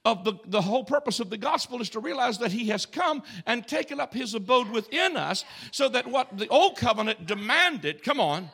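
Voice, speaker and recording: A male pastor delivering an emphatic call-and-response sermon in a church, swinging from shouts to hushed tones. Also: extremely high pitch, animated, moderate pace, creaky, hardly any pauses, breathy edge. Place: church sanctuary.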